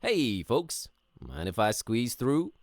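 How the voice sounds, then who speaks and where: A man's voice: medium pitch, wildly swooping pitch, takes it slowly, no echo, heavily acted. A man voicing a laid-back, wisecracking adult adventurer in a game, recorded as dry studio voice-over. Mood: curious. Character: wry easygoing male adventurer, adult. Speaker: game character.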